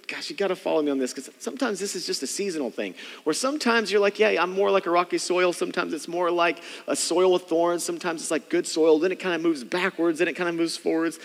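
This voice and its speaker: High-voiced male pastor in an echoing church. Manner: conversational preaching, mimics churchgoers' inner thoughts. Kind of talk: sermon. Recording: long hall reverb.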